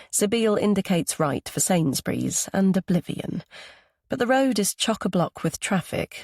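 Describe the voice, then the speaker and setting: A man narrating an audiobook thriller in a steady, even storytelling voice. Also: on the high side, creaky, dry recording, studio quality. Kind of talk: scripted narration.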